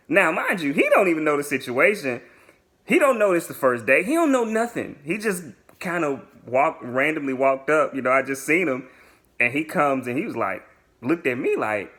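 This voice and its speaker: Young man, bright and animated storyteller, slangy vlog narration that acts out every quote. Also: mid-range voice, normal speed. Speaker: vlogger telling a dating story. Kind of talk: casual storytime.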